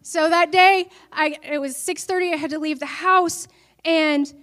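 A woman's voice: high voice, steady tone, unhurried, fairly bright tone. A woman preacher giving an earnest sermon that builds to emphatic declarations.

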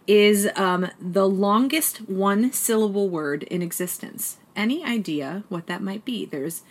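A woman's voice: mid-range voice, measured pace. A woman co-hosting a podcast in casual chat, laughing often as she tells a story and quizzes her co-host on trivia. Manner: giggly, laughs often while telling stories.

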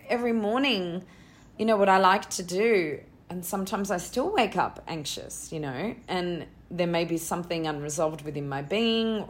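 A middle-aged woman talking as an interview guest about spiritual practice, earnest and soft-spoken, slowing down to stress her points. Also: fairly low pitch. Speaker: interview guest, tantra teacher. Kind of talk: casual spiritual conversation. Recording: faint background noise.

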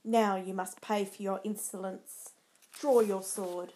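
A woman's voice: medium pitch, fairly even intonation, takes it slowly, dark tone, close to an everyday voice. A woman voicing a harsh, sneering young swordsman who picks a fight, in a storybook reading. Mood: menacing. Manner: sneering and jeering.

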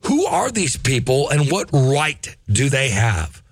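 Middle-aged man, podcast host, profane ranting, lively pitch swings, dry close sound. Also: takes it slowly, no echo. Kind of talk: casual opinionated chat.

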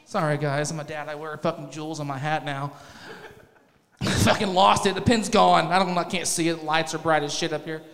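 A man's voice: fairly high pitch, steady tone, normal speed, vocal fry, a bit bright. A man in his thirties doing a crude, rambling, self-mocking stand-up set on a club stage. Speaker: stand-up comedian. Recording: reverberant club hall.

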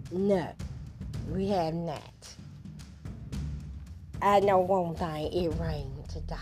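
Slow, low-voiced woman podcast host. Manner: loose, slangy, swears freely. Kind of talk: casual podcast chat. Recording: music playing behind the voice.

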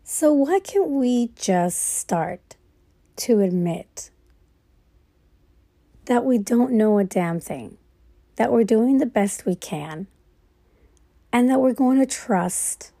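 A woman talks slowly through a late-night reflective monologue while lying in bed. Her voice is warm and mellow, and her manner is loose and rambling, with casual swearing as she works through her thoughts. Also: on the high side.

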